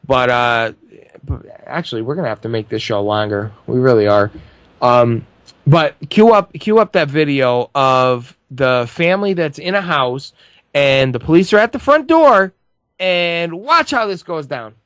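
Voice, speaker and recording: A man's voice: mid-range voice, expressive, normal speed, fairly bright tone, no room sound. A man hosting a live talk show, loose and hesitant, with many restarts.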